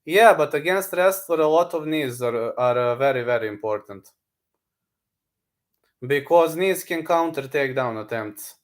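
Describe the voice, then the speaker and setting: A man's voice: a little high, lively intonation, unhurried. A man streaming live, chatting casually with viewers and repeating blunt fight advice. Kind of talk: casual livestream chat.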